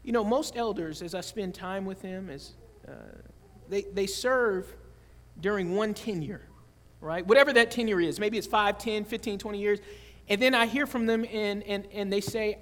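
A man preaches to his congregation in a strikingly high voice. He keeps it conversational, joking and asking them questions. His voice rings out with the long reverb of a large church sanctuary. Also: moderate pace, pushed and bright. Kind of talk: sermon.

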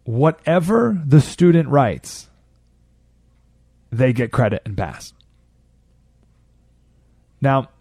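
A man's voice: mid-range voice, dark tone, no room sound, clean studio sound. A man hosting a talk radio show, delivering an opinionated monologue with sarcastic, incredulous jabs and laughter.

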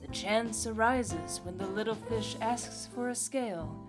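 A woman putting on a cool, slow radio DJ. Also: fairly high pitch, over music, lightly acted. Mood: cool, laid-back. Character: smooth, cool female radio DJ. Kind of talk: reading a book summary aloud.

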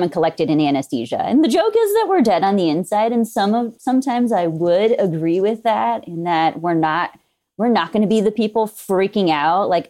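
A woman's voice: mid-range voice, dark tone. A woman guest on a podcast, a veterinary anesthesia technician, talking in an upbeat, chatty way. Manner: upbeat, laughing easily, chatty. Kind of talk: casual podcast interview.

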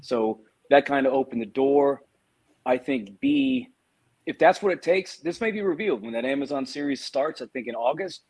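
A husky male voice at a middle pitch, co-hosting a casual football podcast. He delivers dry, sardonic asides in a relaxed, conversational way. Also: moderate pace. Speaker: podcast co-host.

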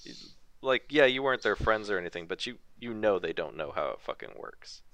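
A man's voice: lowish voice, very animated, fairly quick, fairly bright tone. A young man co-hosting a podcast, chatting casually and bluntly, swearing and laughing often. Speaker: podcast co-host.

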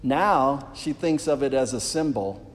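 A man's voice: medium pitch, measured pace. A man delivers an earnest sermon to his congregation, talking straight to the people in the pews. His voice sits in a middle register. It rings out with the long reverb of a church hall. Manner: earnest, addresses the congregation directly. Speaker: preacher.

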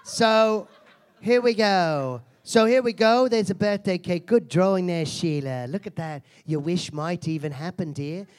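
A man's voice: high-pitched, measured pace, smooth. A man performing a brash, foul-mouthed female self-help seminar guru in a live comedy character act, mocking and insulting the audience.

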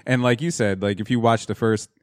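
A man's voice: fairly low pitch, fairly even intonation, fairly quick, no echo, clean studio sound. A man co-hosting a podcast, talking in an opinionated, casual way and swearing freely. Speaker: podcast co-host. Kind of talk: casual chat.

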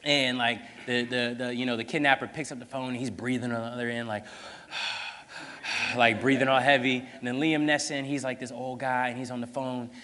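A man preaching a sermon, telling a story in a casual, animated way full of fillers. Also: mid-range voice, brisk, few pauses, big-room sound.

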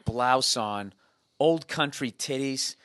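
A man's voice: medium pitch, slow pace, fairly bright tone, smooth, dry recording, clean studio sound. Blunt, profane comedian man. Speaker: comedian guest. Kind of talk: casual chat.

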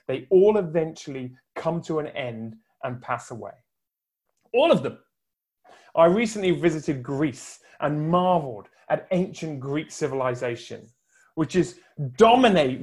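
A man preaching a sermon from home for an online service, building his points with emphatic, rhetorical repetition. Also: fairly high pitch. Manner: emphatic, rhetorical build-ups with long pauses. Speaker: pastor.

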